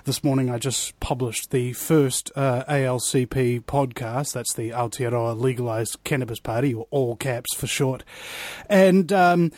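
A man hosting an interview show, excitable and prone to loud asides. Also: medium pitch, unhurried, dry recording. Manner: excitable, swings between loud asides and mumbled fillers. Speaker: podcast host.

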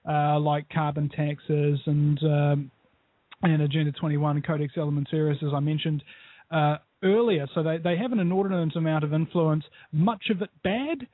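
A man's voice: a little high, normal speed, no room sound. Opinionated New man on a tinny call. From New Zealand. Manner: opinionated, digressive, animated. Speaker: guest, radio show host. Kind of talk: call-in interview over Skype. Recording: tinny dry internet call line.

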